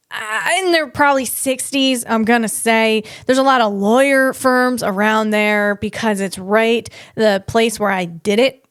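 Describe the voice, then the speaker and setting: A woman comedian riffs through a casual podcast monologue in a fairly high voice. She talks slowly and stretches her words, animating her stories with acted-out quotes. The recording is dry and close. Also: fairly bright tone, no echo.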